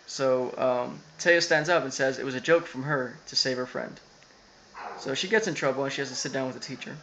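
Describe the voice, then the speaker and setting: A man's voice: mid-range voice, brisk, vocal fry, pushed and bright, low-quality recording. A man casually recapping an anime episode, rambling with lots of fillers and quoted asides.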